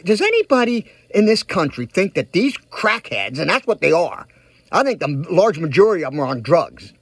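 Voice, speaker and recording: A man with a high, lively, slightly rough voice rants heatedly in a dry recording. He's a political vlogger addressing viewers directly in emphatic, repetitive direct-to-camera commentary.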